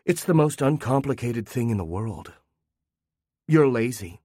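A man voicing a cold, contemptuous wife and mother who speaks with a cutting, terrifying calm. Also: mid-range voice, unhurried, dry recording, studio quality.

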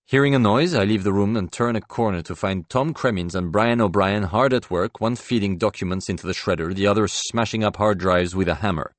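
Deep-voiced male audiobook narrator. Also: fairly quick, few pauses, no room sound. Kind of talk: first-person literary narration.

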